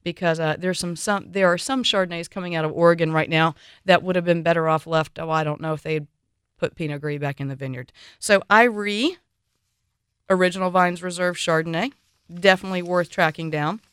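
A woman's voice: lowish voice, fairly even intonation, fairly quick, a bit bright, clear, resonant tone, no room sound, studio quality. A woman hosting a radio wine show, chatty and opinionated, giving enthusiastic recommendations.

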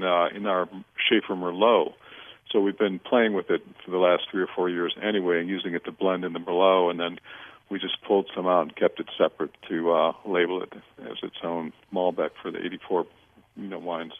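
A middle-aged man, a guest on a radio interview, chatting in a relaxed way and telling lively stories, acting out the lines of other people. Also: low voice. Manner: storytelling, animated, quotes others in dialogue; many fillers and restarts. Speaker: winery owner, guest. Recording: tinny phone-line radio audio.

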